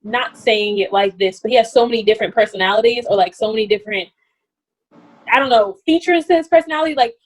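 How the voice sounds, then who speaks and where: A young woman co-hosting a casual reality-TV recap chat, talking fast and loose with lots of "like" and laughs. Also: fairly high pitch. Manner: chatty, animated, laughs often, lots of "like". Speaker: podcast co-host.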